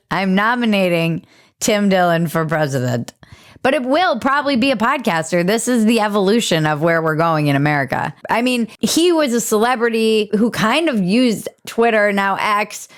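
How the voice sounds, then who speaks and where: A woman hosts her podcast with casual, opinionated commentary. Her delivery is irreverent and sarcastic, with casual swearing. Her voice sits in an ordinary middle pitch. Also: expressive, normal speed. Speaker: podcast host.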